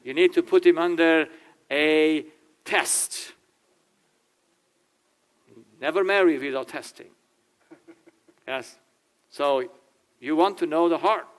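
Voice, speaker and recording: A man's voice: on the high side, slow, long pauses, smooth. An older man, a German-speaking family therapist, talks to a church audience in English, laughing and acting out little dialogues. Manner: animated, laughing, acts out dialogue in changing voices. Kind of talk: informal talk with acted quotes.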